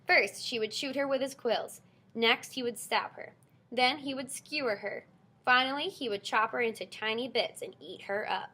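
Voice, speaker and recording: A woman reading a children's novel aloud with expressive storytelling. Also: on the high side, normal speed. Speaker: audiobook narrator. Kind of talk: scripted narration.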